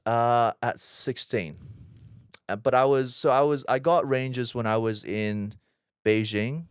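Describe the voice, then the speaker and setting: A man's voice: on the low side, clear, resonant tone, dry recording, clean studio sound. A man in his thirties, an actor guest telling personal stories in a chatty, self-deprecating way with loose fillers. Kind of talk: casual interview storytelling.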